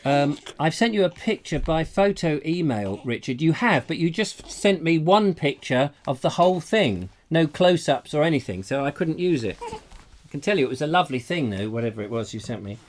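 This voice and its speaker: A man's voice: on the high side, very animated, a little hiss or hum. An English man hosting a live comic chat show, joking and musing aloud over quiz answers. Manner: jokey, musing aloud, drawn-out puns. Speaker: comedy chat show host. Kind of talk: playful live show banter.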